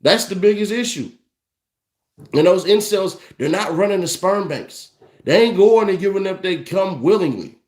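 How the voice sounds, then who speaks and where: With a high, expressive voice at normal speed, a young man hosting commentary launches into a brash, profane rant to camera, punctuated by mocking laughter, in an echoey room.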